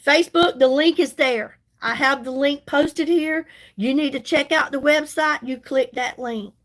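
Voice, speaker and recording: Woman, high voice, middle-aged, chatty and sassy, live chat. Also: unhurried, fairly bright tone, rough recording. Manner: chatty, sassy, folksy, greets viewers by name. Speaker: livestream host selling products. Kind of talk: casual live chat while doing makeup.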